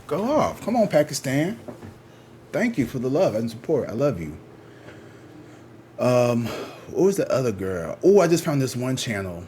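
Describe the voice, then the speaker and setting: A man's voice: medium pitch, sing-song, moderate pace, pauses often, a little mellow, a little hiss or hum. A man who reads tarot, chatting casually and rambling to his viewers, slangy and swearing freely. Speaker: tarot reader.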